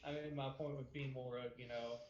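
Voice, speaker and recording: A man's voice: mid-range voice, fairly even intonation, fairly quick, highs cut off, slight background noise. A man chatting casually on a live stream, hesitant and hedging as he makes his point. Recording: echoey room.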